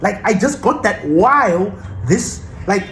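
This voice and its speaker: Excitable high-voiced male football fan. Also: unhurried, echoey room, soft background music, rough recording. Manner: passionate, defiant ranting fan. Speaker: football channel host. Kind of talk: casual fan vlog commentary.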